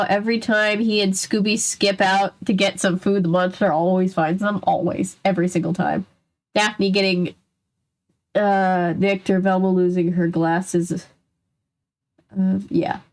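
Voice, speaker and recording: A woman reading a children's mystery book aloud on a stream, breaking off to chat and answer comments. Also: on the low side. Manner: chatty, digressive, reads aloud then comments and answers chat. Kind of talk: casual read-aloud with chat.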